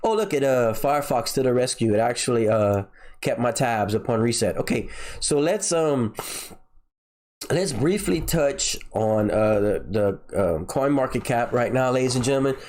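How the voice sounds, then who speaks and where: A man's voice: medium pitch, lively intonation, moderate pace, a little mellow. A man hosting a casual crypto livestream, nasal and congested from a sinus infection, rambling and often repeating himself.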